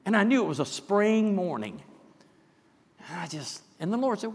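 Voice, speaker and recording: A man preaching a sermon, emphatic, dropping to hushed asides and rising to shouts. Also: high-pitched, very animated, moderate pace, in a large hall, slight background noise.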